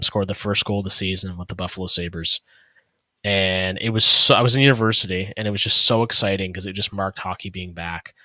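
A man's voice: on the low side, sharp tone, no room sound. A man in his thirties co-hosting a hockey podcast, talking in a rambling, casual way with lots of asides. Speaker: podcast co-host. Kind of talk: casual sports chat.

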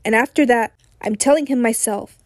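A woman with a hoarse voice voicing a stern, furious middle-aged male doctor in an audiobook, cold and clipped. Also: fairly high pitch, normal speed, no room sound, studio quality, lightly acted. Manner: cold, clipped, rising to anger.

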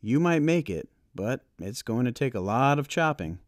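A man voicing a kindly, proud old grandfather in an audiobook reading, talking in a booming, hearty, encouraging way. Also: very animated, moderate pace, no room sound, studio quality, close to an everyday voice.

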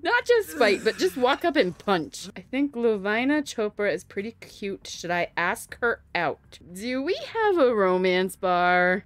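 A woman's voice: medium pitch, no room sound. A young woman giving casual let's play commentary, chatting along and scolding the characters on screen. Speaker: gameplay streamer.

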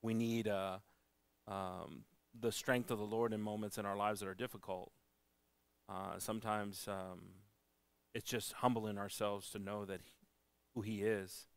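Male preacher, earnest and halting, dry close sound, low pitch. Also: little pitch movement, gravelly, smooth, no room sound. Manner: earnest, halting delivery with frequent restarts. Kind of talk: church sermon. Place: church service.

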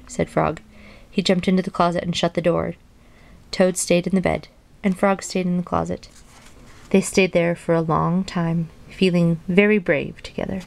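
A woman reading a children's storybook aloud in an even storytelling voice, then chatting casually about it. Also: on the low side, moderate pace, gravelly. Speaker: reader and video host.

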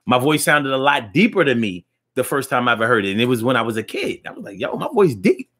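A man's voice: medium pitch, quick pace, bright, forceful tone. A man hosting a casual live-stream talk show, chatting loosely with slang and lots of restarts, reading viewer comments aloud.

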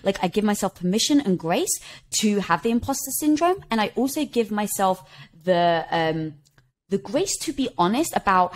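A middle-aged woman shares her story as a podcast guest. Her delivery is expressive and full of movement in pitch, and she keeps slipping into quoted dialogue with little laughs. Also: brisk. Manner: expressive, laughs while telling stories, quotes herself. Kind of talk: animated conversational storytelling.

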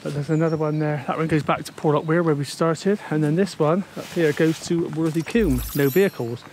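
Guy vlogging on a windy hill walk, chatty, a bit breathless, kinda high voice, faint wind noise. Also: brisk, a little mellow. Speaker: walking vlogger. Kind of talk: casual walking commentary. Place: outdoors on a windy coastal footpath.

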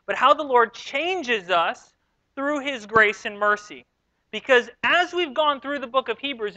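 A man from New York giving a sermon as pastor, telling stories in a relaxed, self-deprecating way. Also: very high voice, no echo, dull audio. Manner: conversational, self-deprecating storytelling. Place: church sanctuary.

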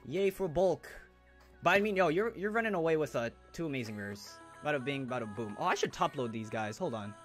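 A man's voice: fairly high pitch, expressive, brisk, a bit bright, soft background music. Hyped young man streaming, slangy chat. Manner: hyped, slangy, chatty with viewers. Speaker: live stream host opening trading cards. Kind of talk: casual live-stream chat.

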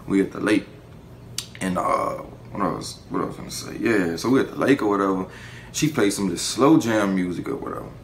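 A young man telling a casual story to the camera, animated and profane, breaking into laughter. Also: sits low, fairly quick, a little hiss or hum. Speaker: vlogger. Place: indoor room, seated before camera.

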